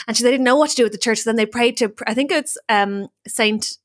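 A young Irish woman chatting as a comedy podcast guest, an animated storyteller with lots of fillers and restarts. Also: on the high side, fast talker. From Ireland. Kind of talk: casual podcast chat.

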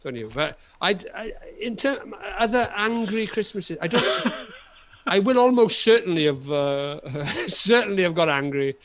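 A middle-aged Welsh man, a comedian guest on a podcast, telling a comic story in an animated way and often repeating himself. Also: sits high, measured pace. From Wales. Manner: animated, repetitive storytelling with frequent laughter.

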